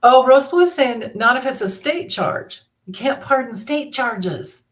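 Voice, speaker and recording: A woman's voice: sits high, expressive, a little slow. A woman hosting a live tarot reading stream, chatting casually, reading viewer comments aloud and laughing easily. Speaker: tarot reader hosting a livestream.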